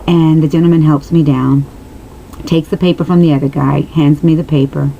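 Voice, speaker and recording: A woman's voice: low-pitched, fairly even intonation, normal speed, gravelly, dark tone, dull audio, a little hiss or hum. A woman telling a personal story straight to her viewers, earnest and emotional, rambling with many restarts and asides. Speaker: vlogger answering viewers.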